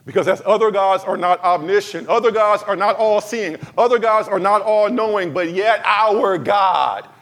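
A man preaching a sermon to his congregation, swinging from fervent cries to soft, emphatic lines and addressing the church directly. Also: sits high, moderate pace, hardly any pauses. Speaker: pastor.

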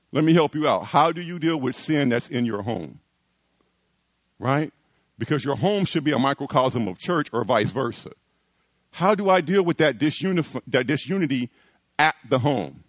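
A man's voice: on the high side, no echo. A man preaching a sermon to his church, building emphasis with repeated phrases and rising lines. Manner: animated preaching with repetitions and emphatic rises. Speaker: pastor.

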